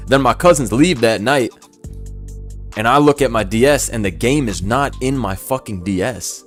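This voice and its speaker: A young man telling a story casually, animated and swearing, acting out voices. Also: medium pitch, normal speed, soft background music.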